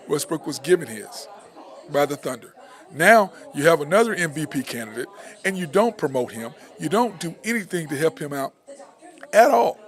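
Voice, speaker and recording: A man hosting a sports talk show, ranting with frustration about a basketball team, repeating his points. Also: on the high side.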